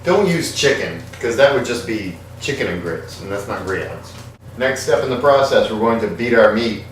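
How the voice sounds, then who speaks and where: A man hosting a comedic home cooking show in his kitchen, with irreverent, deadpan asides. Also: fairly low pitch, moderate pace, heavy reverb, recorded from a distance, a little hiss or hum.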